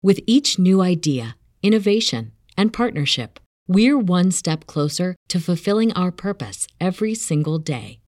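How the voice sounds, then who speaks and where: Corporate ad narrator, woman, lowish, dry close mic. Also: sing-song, moderate pace, few pauses, a little mellow, no echo. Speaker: ad voice-over. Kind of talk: scripted ad read.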